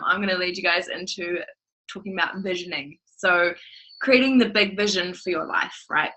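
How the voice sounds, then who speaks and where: A woman co-hosting a coaching course livestream, lively and casual, swearing now and then. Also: on the low side, rough recording.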